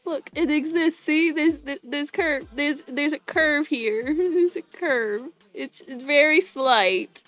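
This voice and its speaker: A woman's voice: high-pitched, slow pace, fairly bright tone. A young woman chatting casually on a livestream while she draws, rambling with lots of fillers, restarts and giggles. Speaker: animation streamer. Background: faint music.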